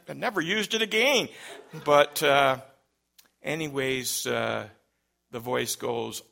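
A middle-aged man telling a personal story in an unhurried anecdotal way. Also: mid-range voice, creaky, bright, forceful tone.

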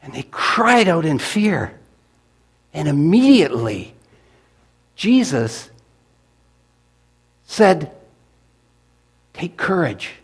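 A man preaching to his congregation, telling a story in a folksy, animated manner. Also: a little high, extremely slow, pauses often, breathy edge. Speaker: pastor. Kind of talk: storytelling sermon.

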